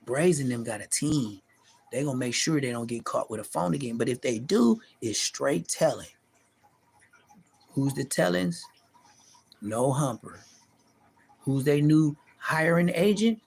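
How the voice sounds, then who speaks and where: A middle-aged man delivering a profane, taunting callout rant to the camera, animated and mocking. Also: unhurried, vocal fry, pauses often, breathy edge. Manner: animated, profane, taunting, pitch leaping high in mocking bursts. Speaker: street vlogger.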